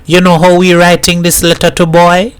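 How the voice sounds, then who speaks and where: A man voicing a gruff, earnest middle-aged man who talks in Caribbean dialect. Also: sits high, completely flat delivery, normal speed, pitched above the performer's own voice, close to an everyday voice, poor audio.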